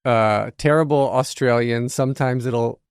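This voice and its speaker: A man's voice: mid-range voice, fairly even intonation, unhurried, smooth, no room sound, clean studio sound. A man hosting a podcast, asking questions in a playful, joking way. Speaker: podcast host, interviewer. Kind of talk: casual interview chat.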